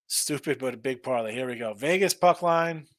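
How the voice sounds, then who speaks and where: A man's voice: mid-range voice, moderate pace, no room sound. A man hosting a casual betting stream, rambling through picks, repeating himself and reading out chat messages. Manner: restarts and repeats words often. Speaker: sports betting show host.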